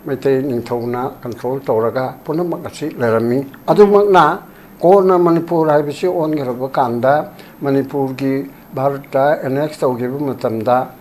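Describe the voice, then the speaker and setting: An older man being interviewed about politics, speaking rapidly and emphatically, sometimes quoting documents in English. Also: mid-range voice, a little mellow, slight background noise. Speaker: former human rights commission chairperson, interview guest.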